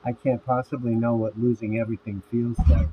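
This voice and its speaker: A man's voice: medium pitch, level tone, brisk, lightly acted. A man reading the lines of a sarcastic young man in jail, in a dry, plain voice. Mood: wry. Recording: tinny phone-like audio with faint hiss.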